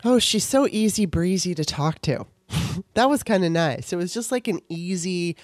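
A woman's voice: fairly low pitch, expressive, moderate pace, a little mellow, no echo, clean studio sound. A woman from Baltimore hosting a podcast, talking in a candid, rambling way, often restarting her sentences. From Baltimore, Maryland. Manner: rambling, self-correcting, candid. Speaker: podcast host. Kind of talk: casual conversation.

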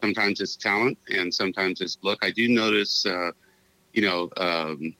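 Deep-voiced older man reminiscing. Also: fairly even intonation, sharp tone, no echo, poor audio. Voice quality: halting, reflective, many ums and uhs. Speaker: actor, interview guest. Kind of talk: relaxed interview conversation.

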